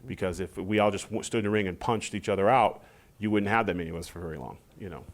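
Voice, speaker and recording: A low-pitched middle-aged man talks casually as a guest in a shoot interview. He tells his stories with energy, jumping into high voices to play out what other people said. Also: fast talker. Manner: animated storytelling, acts out quotes in high voices. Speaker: interview guest, former wrestler.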